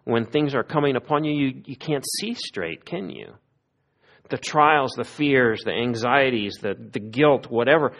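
A man preaching a sermon in an earnest way, his voice rising in emphatic pleas and dropping to hushed, prayerful lows. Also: dull audio. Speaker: pastor.

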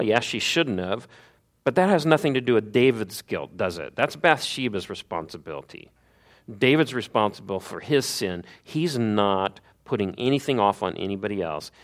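Earnest lower-voiced man preaching. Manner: earnest, rhetorical questions, dips low at phrase ends. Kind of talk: sermon retelling a Bible story.

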